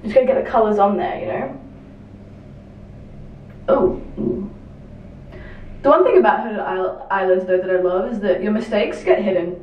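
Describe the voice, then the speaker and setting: A woman's voice: medium pitch, moderate pace, pauses often, far from the mic, highs cut off, a little hiss or hum. Chatty young woman, echoey room. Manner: chatty, self-deprecating, full of fillers. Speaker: beauty vlogger. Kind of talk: get-ready-with-me makeup chat.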